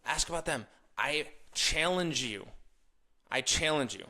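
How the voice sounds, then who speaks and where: A young man with a bright, forceful voice talks straight to his listeners in a casual motivational monologue. He rants with energy and drops into quick impressions of other people mid-sentence. He sounds like a podcast host working through his points off the cuff. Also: fairly high pitch. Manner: animated, ranting, mimics others in quoted asides.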